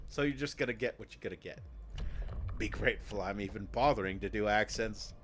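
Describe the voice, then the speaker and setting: A man's voice: lowish voice, moderate pace, long pauses, fairly bright tone, a little hiss or hum. A man streaming a game in casual commentary, rambling and joking with many restarts and repeated words.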